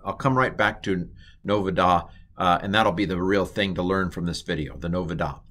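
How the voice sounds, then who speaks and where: A man's voice: low-pitched, moderate pace, a bit bright. A middle-aged man teaching a recorded Hebrew lesson, rambling and correcting himself, quizzing the listener with questions.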